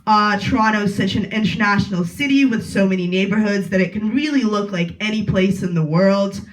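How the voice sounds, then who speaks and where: A woman in her late twenties doing a deadpan stand-up set at an open mic, rambling with lots of filler words. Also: mid-range voice, a little fast. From Russia. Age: 20s. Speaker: stand-up comedian. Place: small bar at an open mic. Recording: echoey room.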